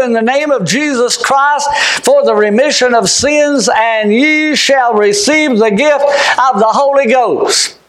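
A man preaching a fervent sermon. He shouts some points, drops to quiet asides for others, and often repeats or restarts his words. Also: extremely high pitch. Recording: echoey room.

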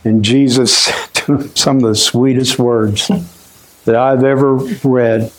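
A man preaching a sermon in a folksy way, often saying "my friend" and dropping his voice low and quiet when he is moved. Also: fairly even intonation, a little slow, a little hiss or hum, low-quality recording. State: choked up.

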